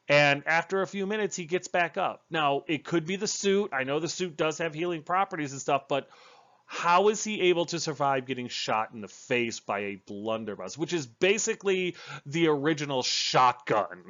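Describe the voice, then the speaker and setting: A man's voice: fairly high pitch, fairly bright tone, lo-fi sound. A man casually recapping a book's plot as a reviewer, rambling and correcting himself as he goes. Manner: rambling, chatty, with fillers and self-corrections. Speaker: book reviewer.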